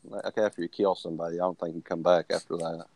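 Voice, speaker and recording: A man's voice: low-pitched, flat delivery, fast, darkish tone, no room sound. A young man, telling stories in casual chat with lots of "like" fillers. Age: young adult.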